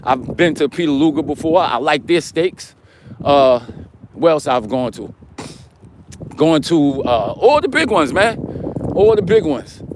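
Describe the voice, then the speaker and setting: A man's voice: on the high side, lively intonation, unhurried, pauses often, background noise. A middle-aged man, hosting a livestream and chatting casually and in slang straight to his viewers. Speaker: livestream host. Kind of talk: casual chat to a live chat.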